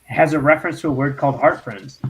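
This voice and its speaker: A man hosting a podcast in casual chat, unhurried and laughing often. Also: a little high, steady tone, breathy edge. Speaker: podcast host.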